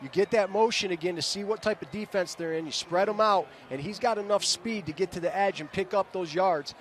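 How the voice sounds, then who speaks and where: A man's voice: high voice, brisk. A man, a former linebacker, giving color commentary who explains plays like a coach. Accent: Michigan. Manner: coaching-minded, explains plays, tags lines with "right?". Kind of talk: live football color commentary. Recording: broadcast booth with stadium noise.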